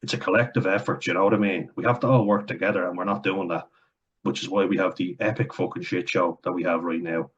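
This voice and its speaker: A man's voice: deep voice, fairly even intonation, fast, husky, lo-fi sound. An Irish man giving a heated, blunt vlog rant at home, swearing often. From Ireland. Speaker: commentator. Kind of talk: ranting vlog commentary. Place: at home, indoors.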